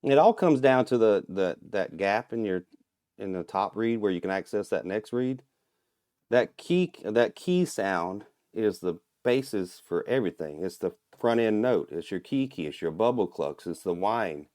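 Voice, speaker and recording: A man from Minnesota, a guest on a podcast, explaining things in a relaxed, casual way and chuckling often. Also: on the low side, a little slow, no echo, studio quality. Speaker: guest, turkey call maker and calling champion.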